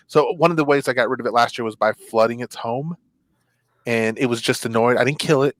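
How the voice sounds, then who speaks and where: A man hosting a casual talk show, spinning a story with lots of energy and playing out his own reactions as he goes. His voice sits at an average pitch for a man. The recording is dry, with no room sound. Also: a little fast, no room sound. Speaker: show host. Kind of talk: casual chat.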